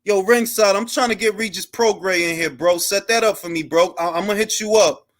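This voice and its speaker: A man's voice: sits high, brisk, a bit bright. A man hosting a boxing talk show, chatting loosely with slang and jokes. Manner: loose, joking, slangy banter. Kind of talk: casual live-stream chat.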